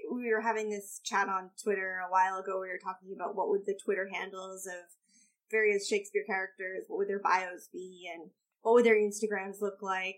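A woman co-hosting a podcast, chatting in a lively way about a theatre production. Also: mid-range voice. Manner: lively, chatty, quick to act out quotes. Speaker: podcast co-host. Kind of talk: casual theatre discussion.

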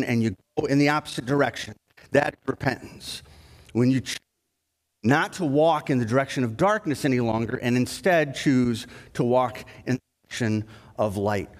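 A male pastor giving a sermon, telling stories in a conversational way that grows lively at the story's climax. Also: a little high. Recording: long reverb of a church hall.

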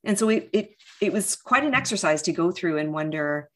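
Emotional, halting woman, low voice. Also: expressive. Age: middle-aged. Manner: emotional, halting, many fillers and restarts. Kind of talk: casual conversation.

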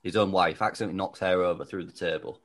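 A man with a fairly low voice on a podcast, telling a story in a casual, rambling way. He talks loosely and keeps piling on details as he goes. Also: steady tone, fast talker. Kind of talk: casual chat, pitching a wrestling storyline.

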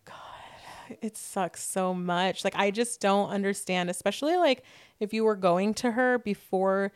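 A woman's voice: medium pitch, normal speed, smooth. A young woman co-hosting a podcast, listening and answering in short, sympathetic replies during a casual chat. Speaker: podcast co-host.

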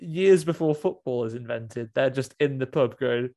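A man's voice: medium pitch, moderate pace, warm tone. A man casually recapping a film plot, rambling with restarts and acted-out quotes. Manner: rambling, laughing, full of restarts and quoted voices.

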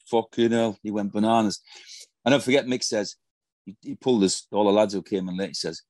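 A man's voice: lowish voice, fairly even intonation, quick pace, a little mellow, dry recording. A middle-aged man, a former footballer telling profane anecdotes in a casual interview. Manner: profane, storytelling, swears constantly.

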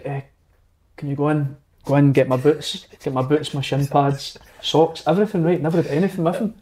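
A man with a mid-range voice tells a story in relaxed, chatty conversation. He keeps a loose conversational rhythm. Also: mid-range voice. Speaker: guest telling a story. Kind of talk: casual anecdote.

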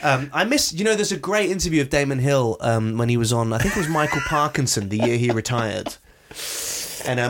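A man co-hosting a podcast, chatting casually in a playful, storytelling way. His voice sits at an everyday middle pitch. Now and then he breaks into quick impressions. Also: expressive. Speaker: podcast co-host. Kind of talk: casual chat.

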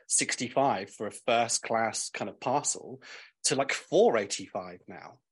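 A man's voice: mid-range voice, a little slow, husky. A man, a clothing brand owner guesting on a podcast, talking bluntly in casual chat and swearing freely.

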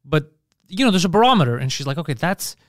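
A man's voice: fairly high pitch, very animated, quick pace, no echo, clean studio sound. A man hosting a casual podcast chat, blunt and emphatic and swearing freely as he makes his points. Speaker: podcast host.

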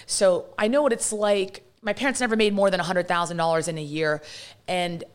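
A woman from London in her thirties, talking fast and loosely with lots of fillers as a guest in a casual interview. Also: on the low side, steady tone, clean tone. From London, England. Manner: talkative, fast storytelling with many fillers.

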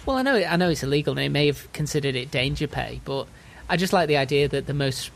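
A man's voice: on the high side, lively intonation, quick pace, vocal fry. A man hosting a podcast, telling a story in casual chat with dry jokes. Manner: storytelling, dry jokes, puts on silly voices. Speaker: podcast host.

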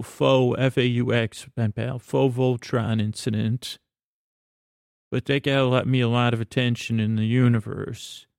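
Rambling man with a gravelly voice. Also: medium pitch, darkish tone, no room sound, clean studio sound. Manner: meandering, halting, full of fillers and restarts. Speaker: storyteller addressing a pen pal. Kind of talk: rambling improvised bedtime story.

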